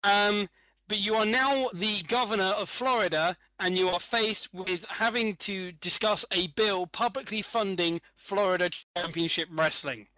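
High bright-voiced guy hosting, playful game-show setups, dry close sound. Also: unhurried, no room sound, poor audio. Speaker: host. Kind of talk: comedy podcast banter.

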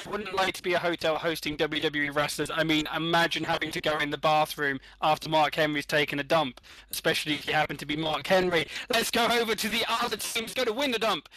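A man hosting a podcast whose voice sits high and bright. He swings widely in pitch as he judges in a playful, mock-formal way. The sound is dry and close. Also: a little fast, dry recording, poor audio. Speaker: podcast host. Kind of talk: casual comedic chat.

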